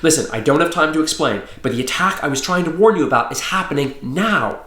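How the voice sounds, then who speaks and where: A man's voice: fairly high pitch, animated, fast, pushed and bright, reverberant, pitched above the performer's own voice. A man reading aloud voices a frantic, earnest teenage boy, talking in urgent, breathless bursts.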